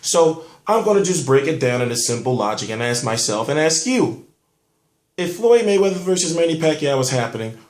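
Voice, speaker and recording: A man's voice: on the high side, sing-song, fairly quick, a little mellow, roomy sound. Rambling man hosting a boxing vlog. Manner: rambling, rhetorical questions, profane street talk. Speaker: boxing show host. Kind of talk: casual boxing commentary vlog.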